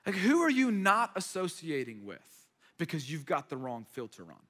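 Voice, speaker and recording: A man preaching a sermon as pastor, conversational and animated, with repeated asides before a live audience. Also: on the high side, normal speed. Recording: long hall reverb.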